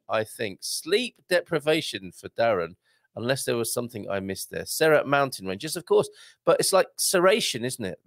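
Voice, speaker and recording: A man's voice: mid-range voice, creaky, no echo, studio quality. A man hosting a live online show, chatting casually, reading out comments and tagging on questions. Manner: chatty, jokey, with tag questions.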